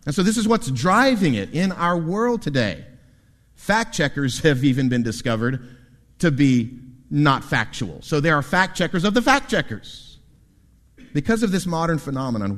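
In a reverberant church hall, a pastor preaches animatedly, breaking off now and then to address the congregation directly. He's a man with a mid-range voice, and his sermon rings with long reverb through the sanctuary.

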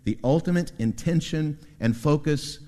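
A man preaching a sermon as pastor, with lively delivery and quick asides to the congregation. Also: fairly high pitch. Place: church sanctuary. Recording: long reverb in a church hall.

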